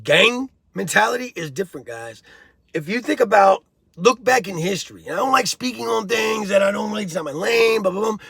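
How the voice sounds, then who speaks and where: Hosting his prison-life commentary vlog, a man lectures viewers directly, blunt and preachy, using street slang and addressing them as bro and homie. His voice is high, animated, and fairly quick, with a creaky, slightly rough, somewhat bright quality.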